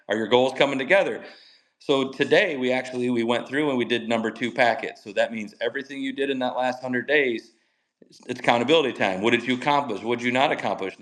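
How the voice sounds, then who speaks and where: A man's voice: medium pitch, a bit bright, poor audio. A middle-aged man, a mental skills coach, talking energetically on a podcast and acting out quoted dialogue. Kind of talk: enthusiastic podcast storytelling.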